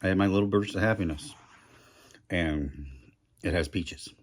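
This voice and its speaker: Low-voiced rambling middle-aged man. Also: moderate pace. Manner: chatty, self-deprecating, talks with mouth full. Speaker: YouTuber reviewing food. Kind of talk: casual rambling food review vlog.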